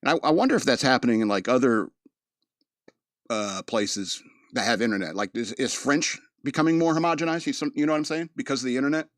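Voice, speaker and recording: A man's voice: mid-range voice, fast talker, a bit bright, no echo. Man, mid-Atlantic American accent, podcast host, loose joking monologue, dry recording. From East Coast of the United States. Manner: rambling, joking, laughs often. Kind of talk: casual monologue.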